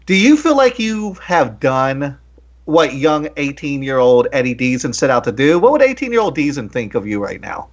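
A man's voice: mid-range voice, very animated, normal speed. A man hosting an interview who asks thoughtful, probing questions. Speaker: interview host. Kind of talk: conversational interview. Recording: dull lo-fi sound.

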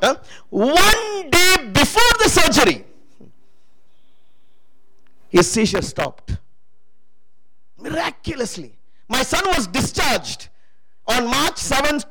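Very high-voiced, animated male preacher. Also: poor audio. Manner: emphatic, calls out to the congregation for responses. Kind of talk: sermon testimony.

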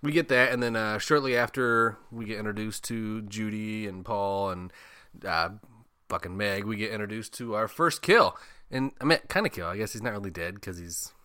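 A man's voice: fairly low pitch, moderate pace, sharp tone, smooth. A man hosting a casual movie review, rambling, swearing a lot and laughing often. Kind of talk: casual chat.

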